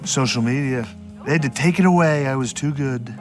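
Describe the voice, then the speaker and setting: A man's voice: medium pitch, a little fast, faint music behind, lightly acted. A man playing a rambling, boastful president. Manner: blunt, rambling insults. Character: insulting, boastful older male president in a sketch.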